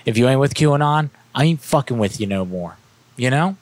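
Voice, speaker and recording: Man prank caller, loose profane chat, mid-pitched, very dry close sound. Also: expressive, moderate pace, no echo. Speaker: prank caller, podcast host. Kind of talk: casual prank call chat.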